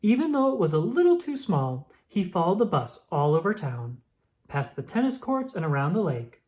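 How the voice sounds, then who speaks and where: A woman reading a children's picture book aloud, expressive and slow. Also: on the low side. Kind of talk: storybook read-aloud.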